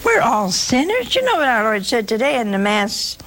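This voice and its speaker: A woman's voice: fairly high pitch, big pitch swings, normal speed, a bit bright, rough recording. A woman preaching a sermon in a folksy, humorous way, acting out the scripture stories as she goes.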